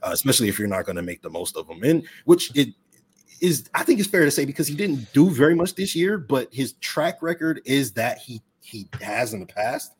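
A man's voice: mid-range voice, very animated, a little fast, husky. A man who is a guest on a sports podcast, talking over a remote call. He talks in a rambling, enthusiastic way and often corrects himself. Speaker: podcast guest, brand president. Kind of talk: casual sports chat.

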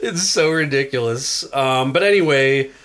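A man's voice: medium pitch, moderate pace, a bit bright. A man co-hosting a casual podcast, rambling through a movie recap with lots of fillers and frequent laughter. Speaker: podcast co-host. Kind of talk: casual movie-discussion chat.

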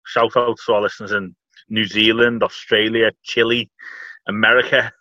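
Irish male co-host, crisp bright tone, chatty and joking, dry close sound. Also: fairly low pitch, level tone, normal speed, no echo, lo-fi sound. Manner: chatty, rambling, with frequent fillers and dry jokes. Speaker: podcast co-host. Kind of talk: casual football chat.

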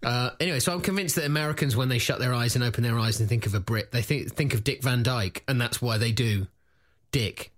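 A man hosting a comedy podcast, teasing his co-host and rambling into quick plugs. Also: mid-range voice. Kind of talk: casual comedic chat and promo.

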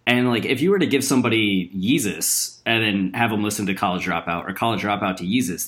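A man's voice: on the low side, fairly quick, hardly any pauses, a bit bright. A man hosting a casual chat who lays out careful, analytical points and asks long questions.

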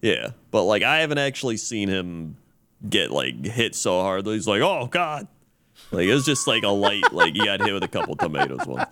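Rambling podcast man, smooth clear voice. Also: low-pitched, very animated, fairly quick, pushed and bright. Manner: rambling storyteller, many "like" fillers and restarts. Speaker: podcast co-host. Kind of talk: casual chat.

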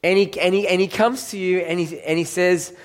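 A man's voice: high voice, steady tone, a little fast. A man preaching a sermon in a church hall, telling the story emphatically and calling up volunteers from the audience. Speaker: pastor. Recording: long reverb of a large hall.

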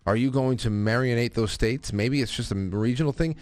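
A man's voice: medium pitch, lively intonation, moderate pace, few pauses, faint music behind. A man with a Northeastern US accent hosting a casual call-in talk show, meandering and reading listener comments aloud with asides. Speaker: podcast host.

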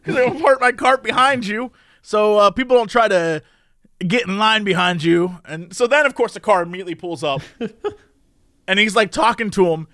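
A man's voice: high voice, moderate pace, dry recording. A man telling a long story in casual chat, laughing often and acting out the people in it. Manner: animated, laughing often, mimics others in the story.

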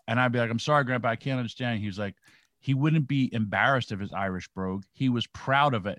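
A man's voice: medium pitch, a bit bright, no room sound. A man hosting a radio talk show, talking in an emphatic, rambling way.

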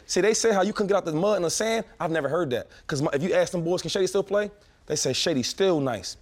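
Here a man in his thirties spins a story in loose, slangy chat, rattling along very quickly and doubling back mid-sentence. His voice sits a little high for a man. He sounds like a former pro athlete holding court among friends. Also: animated. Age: 30s. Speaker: former pro football player telling stories. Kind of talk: casual podcast chat.

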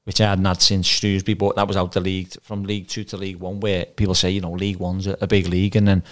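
A man's voice: low-pitched, little pitch movement, fast. A man, a former footballer turned manager, telling career stories in a casual podcast chat and acting out the dialogue. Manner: chatty anecdotes, acts out quoted dialogue.

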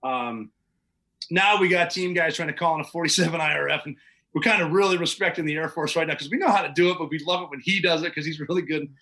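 A man's voice: a little high, quick pace, bright, forceful tone, rough recording. A man, a podcast guest, recounting events in casual, vivid, matter-of-fact storytelling with occasional chuckles.

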